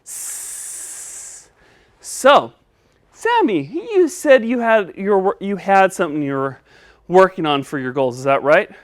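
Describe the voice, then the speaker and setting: A woman's voice: mid-range voice, big pitch swings, measured pace. A woman teaching a children's speech lesson, patient and encouraging, coaching step by step.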